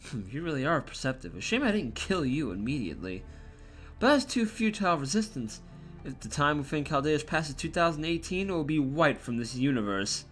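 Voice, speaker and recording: A man's voice: fairly high pitch, very animated, a little fast, fairly bright tone, faint music behind. A man voicing a cold, gloating male villain mage in a game, lecturing with contempt.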